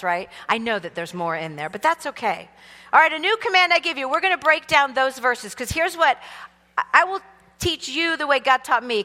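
A woman teaching a sermon in a casual, animated way, leading the congregation in call-and-response. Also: fairly high pitch. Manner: animated, casual and conversational, teasing the audience. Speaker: church teacher. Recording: long hall reverb.

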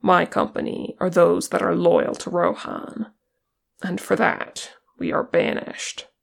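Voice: medium pitch, little pitch movement, slow, gravelly, exaggerated voice. A reader voicing a proud, suspicious male horse-lord captain with a guarded, bitter manner in an audiobook. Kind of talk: audiobook character reading.

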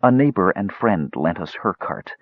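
A man voicing a matronly female dwarf who speaks softly and reservedly, as in an audiobook. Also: low-pitched, expressive, normal speed, husky, no room sound, phone-quality sound. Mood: quiet, sad. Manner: soft, reserved. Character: matronly female dwarf, loyal, sad and soft-spoken. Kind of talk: audiobook narration.

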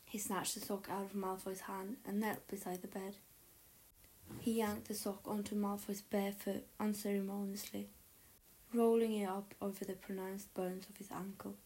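Soft-spoken woman narrating a story. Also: mid-range voice, flat delivery, normal speed, poor audio. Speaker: audiobook narrator. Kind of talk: reading fan fiction aloud.

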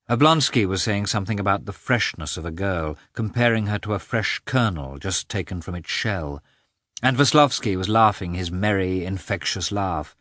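A man narrating a novel in a measured, expressive reading, recorded close to the mic. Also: lowish voice, dry recording. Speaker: audiobook narrator. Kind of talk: scripted narration.

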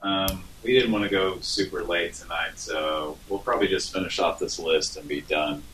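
Host, male, very low voice, rambling casual chat, roomy live recording. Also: fairly even intonation, moderate pace, a bit bright, a little hiss or hum. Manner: rambling, filler-heavy. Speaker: show host. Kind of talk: casual late-night chat.

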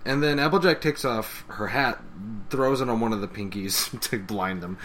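A man's voice: mid-range voice, normal speed, fairly bright tone, a little hiss or hum. A man co-hosting a podcast, chatting casually about a comic and laughing often as he acts out characters' lines. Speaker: podcast co-host. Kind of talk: casual comic review chat.

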